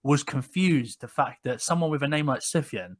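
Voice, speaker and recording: A man, co-hosting a podcast and telling stories in casual chat, with frequent restarts and animated retelling. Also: medium pitch, moderate pace. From England. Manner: rambling, many restarts, animated when quoting people. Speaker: podcast co-host. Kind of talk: casual conversational storytelling.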